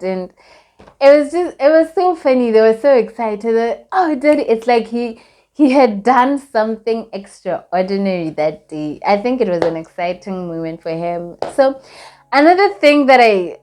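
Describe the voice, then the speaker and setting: A young woman from Botswana recapping a trip in a casual vlog, chatty and animated, with lots of fillers. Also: a little high. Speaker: vlogger.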